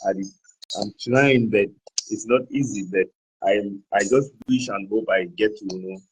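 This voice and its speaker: A man's voice: on the low side, moderate pace, breathy edge, dry recording, low-quality recording. A man from Cameroon, a guest in a casual interview, talking in a hesitant, self-conscious way and laughing easily. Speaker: guest blogger.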